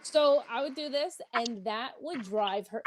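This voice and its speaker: A woman from Philadelphia co-hosting a podcast, telling stories in a blunt, profane, animated way. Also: fairly high pitch, unhurried, music in the background. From Philadelphia, USA. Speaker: podcast co-host. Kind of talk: casual podcast chat.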